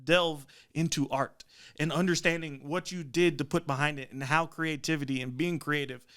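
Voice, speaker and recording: A man co-hosting a podcast, cutting in to steer a heated debate and explaining his view in a measured way. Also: on the high side, steady tone, a bit bright, clean tone. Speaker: podcast co-host. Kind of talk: debate moderating.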